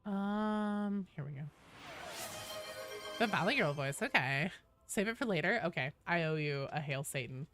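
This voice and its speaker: A woman's voice: sits low, lively intonation, fairly quick, sharp tone, faint music behind. A young woman streaming a game from her home office, chatting casually with her viewers and reading out the queue. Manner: chatty, talks to chat and her cat. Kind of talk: casual live-stream chat. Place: home office with door closed.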